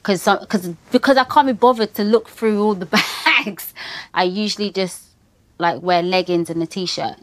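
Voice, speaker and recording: A woman's voice: medium pitch, fairly even intonation, moderate pace, no echo. A British woman answering questions in a documentary, talking casually and hesitantly with many fillers. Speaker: interviewee. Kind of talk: candid documentary interview.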